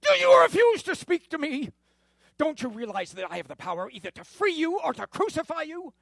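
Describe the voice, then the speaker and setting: A man's voice: very high-pitched, wildly swooping pitch, a little fast, gravelly, a bit bright, no room sound, pitched above the performer's own voice, heavily acted. A man voicing Pilate, an anxious Roman governor. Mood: insistent.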